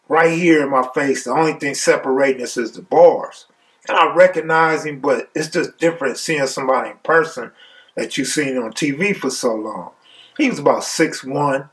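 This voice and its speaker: A man's voice: mid-range voice, recorded from a distance. A man casually telling a personal story in profane, laid-back street talk.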